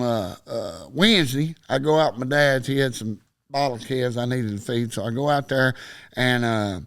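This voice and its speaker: Animated Texan man telling stories. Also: medium pitch, no room sound. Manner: animated, acts out every quoted line in the story. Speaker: podcast guest. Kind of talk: storytelling in casual podcast chat.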